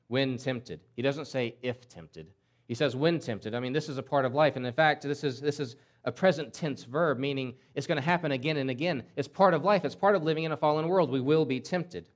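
A man's voice: medium pitch, moderate pace. A man preaching a sermon in an emphatic way, often repeating words and acting out quoted voices. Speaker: pastor.

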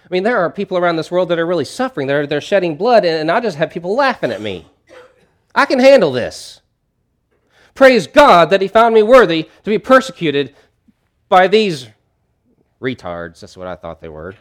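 A middle-aged pastor preaching in a casual, conversational way. His voice sits in an ordinary male range but swings widely, rising loud and emphatic on key lines and dropping to near-quiet asides. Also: high-pitched, very animated, moderate pace. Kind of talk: sermon.

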